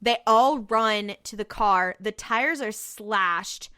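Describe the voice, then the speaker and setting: A woman's voice: medium pitch, slow pace, pushed and bright, smooth. A woman co-hosting a podcast, recapping a TV episode in a casual, profane, laughing storytelling manner. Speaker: podcast co-host.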